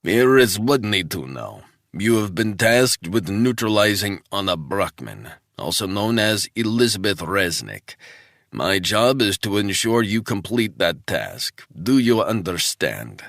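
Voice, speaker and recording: A gruff military handler with a heavy Russian accent and a smoker's gravelly rasp, as a male narrator puts him on. He barks cold, threatening orders in a low voice with lively swings of pitch. The audiobook reading is close and dry. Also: a little slow, no room sound, exaggerated voice. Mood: menacing.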